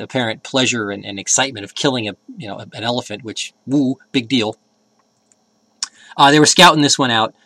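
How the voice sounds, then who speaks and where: Man, comic storyteller, sarcastic, dry close sound, swings between mumbles and loud emphasis. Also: medium pitch, no room sound. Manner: animated and sarcastic, with rambling restarts and sudden loud emphasis. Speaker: comedic commentator. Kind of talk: comedic storytelling.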